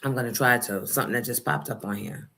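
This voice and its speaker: A woman hosting a live morning stream, chatting casually and giving playful shoutouts to her viewers. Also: a bass voice, quick pace. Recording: music playing clearly behind.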